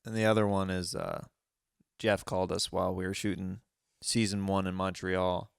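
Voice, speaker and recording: A man's voice: low voice, little pitch movement, moderate pace, creaky, clean tone, no room sound, studio quality. A man hosting a comedy podcast, telling stories about himself in a rambling way with many restarts. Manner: rambling, restarts, self-deprecating. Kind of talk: casual podcast chat.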